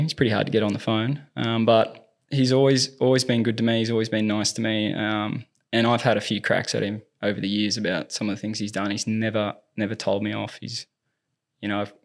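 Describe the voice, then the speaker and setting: An Australian man, a tennis movement coach, telling lively anecdotes in a casual interview. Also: lowish voice, a little fast. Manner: lively anecdotes, acts out quoted dialogue.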